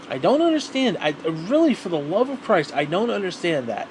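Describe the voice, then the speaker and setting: A man's voice: sits high, sing-song, fairly quick, hardly any pauses, darkish tone, a little hiss or hum. A man ranting to the camera in a rambling, profane monologue, repeating himself as he grows heated. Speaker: vlogger.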